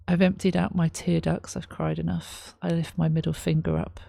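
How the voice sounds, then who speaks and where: A woman reacting to a song, reading lyrics aloud and explaining them in a thoughtful, halting way, with many ums. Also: sits low, flat delivery, gravelly, dark tone, no echo, clean studio sound. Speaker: music reaction host. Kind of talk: casual reaction commentary.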